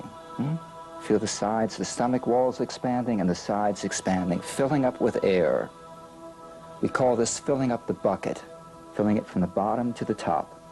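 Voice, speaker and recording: A man with a fairly low voice guides a student through relaxation, breathing and loosening exercises. His instructions come calm and unhurried, with gentle prompts. Faint music plays underneath. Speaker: voice and breathing coach.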